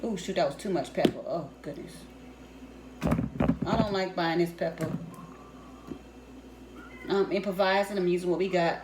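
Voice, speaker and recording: A woman's voice: fairly low pitch, moderate pace, pauses often. A young woman chats casually while she cooks at home with her daughter. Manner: casual, talks to viewers as "y'all" while correcting her child. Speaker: vlogger cooking with her daughter. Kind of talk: casual home cooking vlog chat. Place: home kitchen. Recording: echoey room with clear noise.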